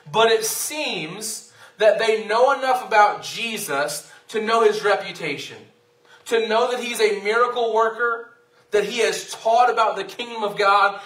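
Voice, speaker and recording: A man preaching a sermon as pastor, reading scripture and then explaining it in an earnest, measured way. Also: high voice, fairly bright tone. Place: church sanctuary. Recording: echoey church hall, mic at a distance.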